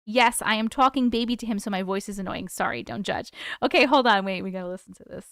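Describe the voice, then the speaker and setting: A woman hosting a casual live stream from her desk at home, chatty and excitable, swearing freely. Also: mid-range voice, quick pace, smooth, dry recording, studio quality.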